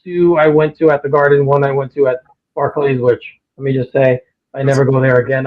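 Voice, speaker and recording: A man's voice: mid-range voice, brisk. Opinionated man on a tinny line. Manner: opinionated, gets worked up and animated. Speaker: podcast co-host. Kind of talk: casual sports talk. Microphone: remote call over a livestream.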